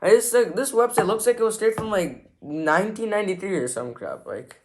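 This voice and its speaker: A man's voice: high-pitched, animated, a little fast. A young man hosting a reaction video, mocking and exasperated, full of "like" fillers. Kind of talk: sarcastic reaction commentary.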